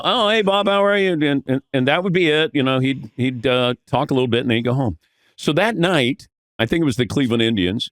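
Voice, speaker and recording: A man telling animated anecdotes as a podcast guest, acting out the voices of the people in his stories. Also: medium pitch, no echo, clean studio sound. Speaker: podcast guest, veteran sportscaster. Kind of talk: casual storytelling.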